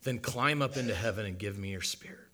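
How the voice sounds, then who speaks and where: A man preaching a sermon as a dramatic monologue, impassioned and swinging from loud to hushed. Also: on the low side, fairly quick.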